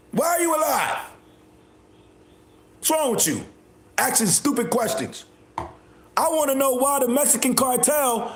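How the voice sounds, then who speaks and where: A man hosting a livestream, ranting at his chat in a loud, confrontational, repetitive way. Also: extremely high pitch, reverberant. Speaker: livestream host. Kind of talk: live stream rant reacting to chat.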